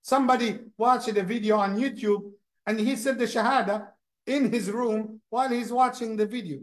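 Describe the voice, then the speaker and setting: An imam giving a lesson at a mosque. He talks in a lively way, often repeats words, and acts out the people he describes. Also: high-pitched, moderate pace.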